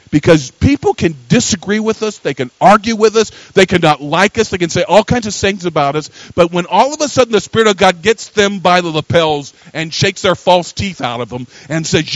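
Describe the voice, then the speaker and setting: An older man preaching a sermon as a pastor, telling a story and swinging from quiet asides to loud, emphatic peaks. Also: high voice, lively intonation, normal speed, no room sound, poor audio.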